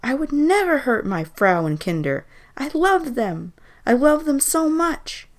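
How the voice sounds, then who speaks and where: A woman doing a pleading old German man. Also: slow pace. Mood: pleading, panicked. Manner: pleading, shrill, close to tears. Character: terrified old German man, a cruel former camp guard.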